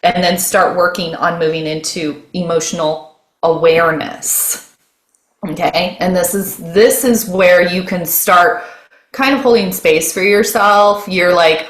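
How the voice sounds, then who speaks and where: A woman's voice: fairly low pitch, unhurried. A woman speaking as a guest mentor, explaining her method in conversation, often restarting phrases and checking in with "okay?". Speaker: guest, nervous system mentor. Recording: roomy echo.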